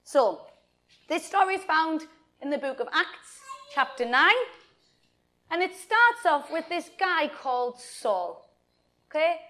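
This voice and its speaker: A woman telling a Bible story to children and adults in an animated way, often addressing her listeners directly. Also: high-pitched.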